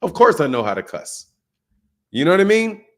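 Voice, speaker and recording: Male stream host, slightly high voice, brash and profane, loose chatty delivery. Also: sing-song, normal speed. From United States. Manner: swears freely, boastful and joking. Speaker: boxing channel host. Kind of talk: casual live-stream chat.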